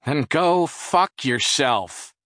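A man's voice: medium pitch, sing-song, unhurried, slightly rough, no echo, clean studio sound, voice pushed up. A man voicing a bitter, short-tempered man in pain, snarling and panting.

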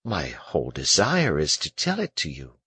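A man voicing a gentle, melancholy young male prisoner in an audiobook, speaking earnestly and softly with a husky voice. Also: very deep voice, huge pitch swings, moderate pace, no echo, exaggerated voice. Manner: earnest, wistful and soft-spoken. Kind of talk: audiobook character reading.

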